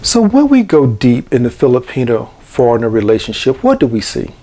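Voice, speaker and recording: A man's voice: mid-range voice, huge pitch swings, brisk, dark tone. A middle-aged man hosting a channel, giving a preachy monologue that keeps coming back to the same phrases. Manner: preachy, repeats key phrases. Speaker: channel host. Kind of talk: monologue to camera.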